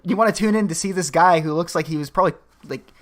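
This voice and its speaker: A man with a somewhat high voice chats casually as a stream guest. He talks in an offhand, hedging way and drops swear words freely. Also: fast, a bit bright. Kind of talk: casual podcast chat.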